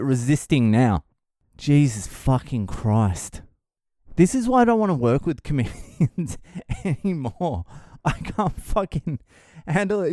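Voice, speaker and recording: A man's voice: fairly high pitch, a little mellow, no echo, studio quality. An Australian man hosting a podcast, delivering a profane, exasperated solo rant. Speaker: podcast host.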